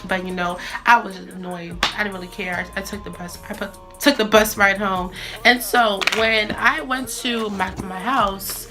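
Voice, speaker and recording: A woman's voice: medium pitch, steady tone, normal speed, over music. A young woman from the Boston area telling a story casually, chatty and full of fillers and restarts.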